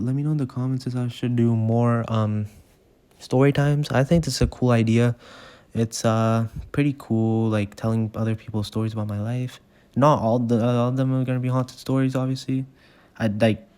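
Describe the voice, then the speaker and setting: Male gamer storyteller, rambling casual delivery full of fillers, mellow voice, mid pitch. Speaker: gaming channel storyteller. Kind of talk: casual storytime over gameplay.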